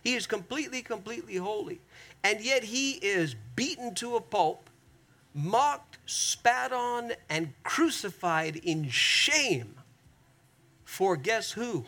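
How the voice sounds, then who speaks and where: A man preaching a sermon as pastor, earnest and emphatic, often turning to the congregation and slowing down hard on the key phrases. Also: sits high, lively intonation, sharp tone. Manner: slows down sharply on key phrases.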